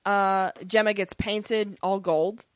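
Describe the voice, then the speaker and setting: A woman co-hosting a podcast, chatting casually through an episode recap with lots of fillers and quick acted-out character lines. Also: medium pitch, steady tone, no room sound. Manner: rambling, many fillers, acts out character lines. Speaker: podcast co-host.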